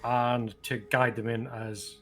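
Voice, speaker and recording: A man's voice: medium pitch, flat delivery, slow pace, a bit bright, soft background music. A man playing in a tabletop game, recapping in a loose, joking way and swearing a lot. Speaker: player. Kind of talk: casual recap chat.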